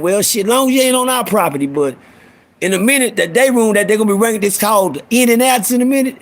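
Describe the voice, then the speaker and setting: Very high and fast, a man's voice carries a live audio stream he's hosting. He tells rowdy stories full of profanity and voices the people who appear in them.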